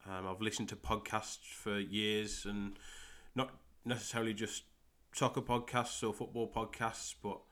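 Low-voiced Midlands Englishman hosting a podcast. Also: level tone, fairly bright tone. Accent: West Midlands English. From England. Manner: halting, many fillers and repeated words. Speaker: podcast host and soccer coach. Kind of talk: solo podcast monologue.

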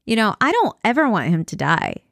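A woman's voice: fairly high pitch, very animated, brisk, gravelly, fairly bright tone, no room sound, clean studio sound. A young woman talking candidly in a personal vlog, rambling with fillers and restarts. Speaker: vlogger.

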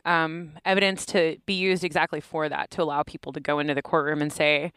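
A young woman with a lowish, smooth, clear voice talks through her research in an easygoing, explanatory way. The sound is dry and close, with no room around it. She laughs easily between points. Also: little pitch movement, a little fast, fairly bright tone, no room sound. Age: young adult. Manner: explains at length, laughs often, quotes voices. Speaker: linguistics researcher, guest. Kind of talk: casual interview talk.

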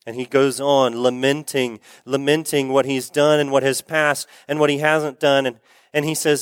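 Smooth-voiced male preacher. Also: medium pitch, little pitch movement, moderate pace, no echo, studio quality. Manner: conversational storytelling, asks the audience questions. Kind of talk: sermon.

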